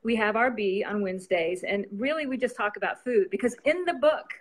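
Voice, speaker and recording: A woman's voice: mid-range voice, a little fast. A woman novelist chatting casually as an interview guest, rambling and laughing often.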